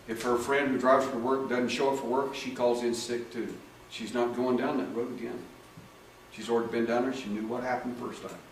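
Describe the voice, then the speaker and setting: A man speaking as a hypnotherapist gives an animated talk to an audience, playing out both sides of the dialogue with sudden loud bursts. His voice sits at a middle pitch. It is picked up from a distance in an echoey room with a faint hiss behind it. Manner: animated storyteller acting out dialogue in raised voices. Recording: echoey room, far from the mic, faint noise.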